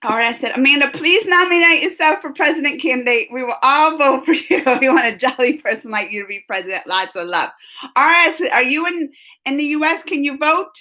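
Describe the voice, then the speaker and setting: A woman from the United States hosting a live stream, chatting casually and excitably, rambling with frequent restarts and laughing often. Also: high-pitched, brisk.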